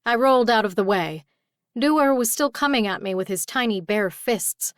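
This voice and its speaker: A woman's voice: fairly high pitch, expressive, normal speed, clean tone, dry recording, clean studio sound. Woman narrating a fantasy audiobook. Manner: tired, exasperated heroine voice in dialogue. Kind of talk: first-person audiobook narration.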